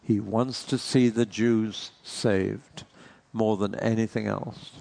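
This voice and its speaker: A man's voice: lowish voice, steady tone, slow pace, gravelly, warm tone. A man preaching a sermon in an earnest way, posing rhetorical questions to the congregation.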